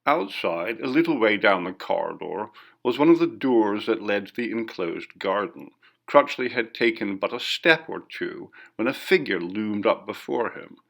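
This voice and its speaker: A man reading a classic ghost story aloud in measured, dramatic narration. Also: on the low side, animated, gravelly, a bit bright. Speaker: audiobook narrator.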